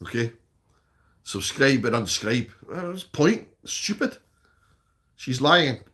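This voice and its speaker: A man's voice: mid-range voice, expressive, slow pace, sharp tone. A Scottish man chatting casually on a live stream, reading out viewer comments and answering them. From Scotland.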